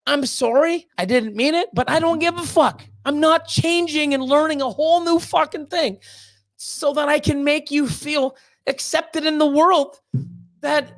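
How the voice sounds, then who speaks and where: A woman's voice: high voice, steady tone, a little slow. A woman streamer ranting casually to her chat, swearing constantly and stumbling over her words as she gets worked up. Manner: swears constantly, stammers and restarts when worked up. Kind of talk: heated casual rant.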